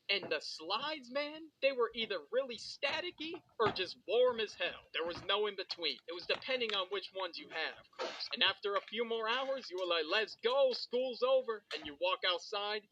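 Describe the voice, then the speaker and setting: A young man tells childhood stories in a lively, casual way, cursing freely and jumping into squeaky shouts when he acts out his younger self. His voice sits high and bright. The audio is slightly dull and lo-fi. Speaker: video host. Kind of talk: casual storytelling monologue.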